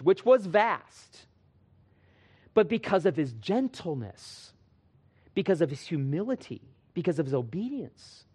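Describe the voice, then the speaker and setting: Earnest male pastor preaching a sermon. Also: medium pitch. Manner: earnest, rising emphasis and quiet asides to the congregation.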